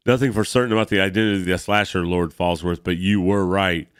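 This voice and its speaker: An earnest, steady soldier hero, read aloud by a man from a comic. The voice is very low, smooth and close, in a dry space with no room sound. He speaks calmly and with resolve. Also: fast, no room sound, lightly acted. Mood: resolute. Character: heroic middle-aged American soldier, steady, earnest.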